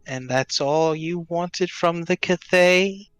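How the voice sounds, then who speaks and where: A man's voice: a little high, slow pace, a bit bright, clean tone, faint music behind, voice pushed up. A man voicing a callous mocking tree spirit. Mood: taunting. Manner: taunting, cryptic, laughs callously.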